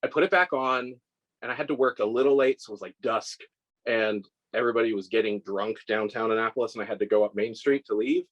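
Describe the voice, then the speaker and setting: A man in his forties talks in a loose, rambling way, circling back and restarting as he tells stories. His voice sits a little low, and he often makes fun of himself. It is a casual, conversational interview. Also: fast talker, muffled recording. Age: 40s. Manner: rambling, self-deprecating storyteller with many restarts and laughs. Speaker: scale model maker, guest.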